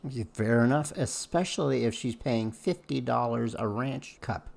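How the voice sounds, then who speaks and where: A man's voice: mid-range voice, normal speed, creaky, darkish tone. A man co-hosting a commentary stream, blunt and sarcastic as he scolds the person under discussion. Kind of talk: critical commentary chat.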